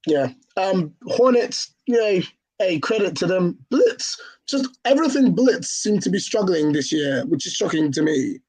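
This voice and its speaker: A man co-hosting a casual sports podcast, giving measured opinions with frequent hesitant restarts. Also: high-pitched, animated, a little mellow, slightly rough, no room sound, rough recording. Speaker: podcast co-host.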